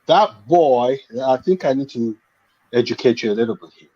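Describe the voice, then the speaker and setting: A man's voice: medium pitch, animated, moderate pace, warm tone, highs cut off. A man joining a casual panel chat over a video call, explaining things at length with many restarts and fillers. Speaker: panel guest.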